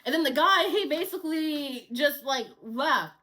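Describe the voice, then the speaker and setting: A woman tells a workplace story straight into a close mic, her voice very high and sharply bright. She talks in a lively, unfiltered way, swearing often and slipping into the voices of the people in her story. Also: measured pace. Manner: animated, swears a lot, acts out dialogue. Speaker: storytime vlogger. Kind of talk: casual storytime.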